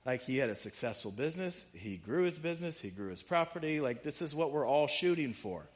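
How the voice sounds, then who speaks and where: A man's voice: a little high, animated, fairly quick. A man preaching a sermon, talking casually and reading scripture aloud with rising emphasis. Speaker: pastor.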